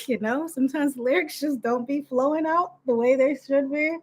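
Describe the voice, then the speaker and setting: A woman's voice: high-pitched, moderate pace, slight background noise. A young woman from the United States, a YouTube coach, chatting in a rambling, giggly vlog style full of "like" fillers. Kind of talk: casual talking-head vlog.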